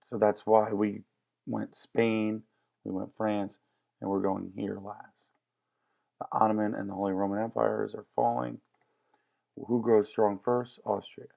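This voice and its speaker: A man's voice: fairly low pitch, flat delivery, a little slow, creaky, pauses often, warm tone. A man teaching a history lesson in a casual, joking lecture style. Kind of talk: classroom lecture.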